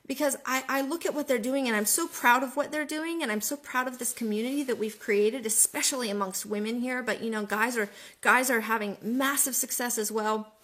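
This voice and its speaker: Slightly high-voiced woman doing a motivational live video, excited, keeps fumbling and restarting her words. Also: fairly quick. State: out in the freezing cold. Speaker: online business mentor.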